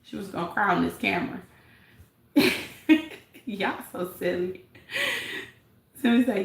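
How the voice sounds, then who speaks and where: A woman's voice: mid-range voice, a little slow, gravelly, pauses often, echoey room, rough recording. A woman hosting a live stream, reading chat and gossiping in a sassy, laughing way. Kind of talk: casual live chat commentary.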